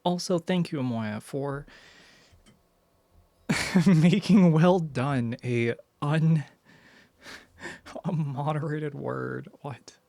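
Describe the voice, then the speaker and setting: A man's voice: fairly high pitch, extremely slow, vocal fry, long pauses, warm tone, no echo. A man streaming live, chatting casually with his viewers and reading their messages aloud, full of "like" fillers. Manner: rambling, many "like" fillers, reads chat aloud. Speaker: livestreamer.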